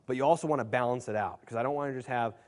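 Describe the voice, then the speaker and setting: A man's voice: medium pitch, very fast, darkish tone. A man presenting a dating seminar in a brash, casual storytelling way, swearing freely and leaning on fillers. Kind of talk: casual seminar talk to a live room.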